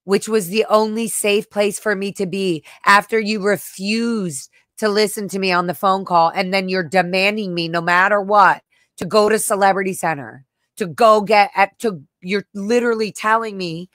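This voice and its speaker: A woman's voice: medium pitch, normal speed, fairly bright tone, no echo, studio quality. A woman hosting a personal livestream, talking candidly and emotionally, cursing bluntly and reacting to messages she reads aloud. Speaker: livestream host.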